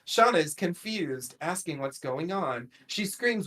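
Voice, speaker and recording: A man's voice: medium pitch, expressive, measured pace, hardly any pauses, a bit bright. A man casually recapping a TV episode on a podcast, chatty and rambling, laughing often.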